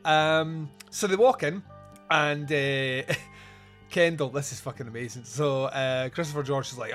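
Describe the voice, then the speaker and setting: A man's voice: medium pitch, measured pace, a bit bright, soft background music. Man casually recapping a film. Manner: recounts scenes, laughing, quoting characters. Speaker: podcast host. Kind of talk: casual movie review chat.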